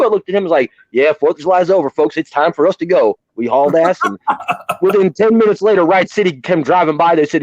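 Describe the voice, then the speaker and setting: A man's voice: on the high side, fairly quick, a little mellow, no echo, dull audio. A man telling rowdy, profane stories on a live stream, acting out the quotes. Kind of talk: casual storytelling chat.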